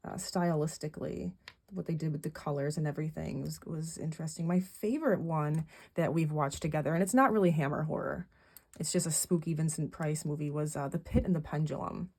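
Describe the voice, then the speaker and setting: Low-voiced woman rambling through a vlog recap. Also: a little mellow. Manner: rambling, with many fillers and restarts. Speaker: vlogger. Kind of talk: casual monthly recap vlog.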